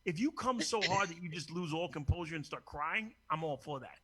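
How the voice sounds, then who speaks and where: A man hosting a crude, casual call-in show, brash and profane and quick to laugh. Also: fairly high pitch, lively intonation, pushed and bright, slightly rough. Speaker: host.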